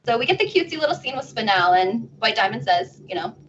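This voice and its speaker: A woman on a convention panel giving a casual, animated plot recap from home. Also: on the high side, fast. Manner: animated retelling, acting out characters' lines. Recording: distant muffled home recording, faint noise.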